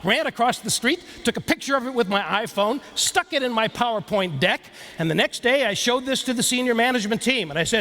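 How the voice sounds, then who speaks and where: A high-voiced man delivers a lively keynote speech. He tells stories with a playful touch and keeps turning to the audience. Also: a little fast, hardly any pauses. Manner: storytelling, playful, engages the audience directly. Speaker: keynote speaker.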